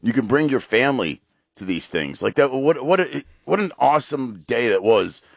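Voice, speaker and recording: A man's voice: medium pitch, big pitch swings, moderate pace, creaky, dry recording, studio quality. A man co-hosting a casual talk show, blunt and emphatic in his remarks. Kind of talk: casual chat.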